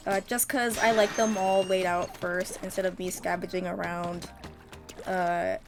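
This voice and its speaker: A woman's voice: fairly low pitch, little pitch movement, unhurried, music in the background. A woman streamer giving casual, upbeat gameplay commentary, chatty and full of ums.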